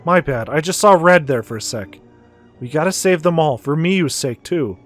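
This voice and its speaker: A man voicing a hotheaded tough teenage boy in a video game, gruff and slangy. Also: a little high, animated, soft background music, voice pushed down, close to an everyday voice. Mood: fired up. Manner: gruff, slangy, quick to anger.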